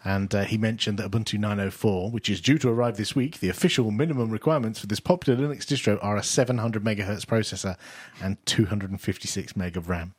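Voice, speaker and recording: A man's voice: fairly low pitch, fast talker, hardly any pauses, no room sound. A man co-hosting a podcast, chatting casually and reminiscing with a laugh. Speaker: podcast co-host. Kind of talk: casual chat.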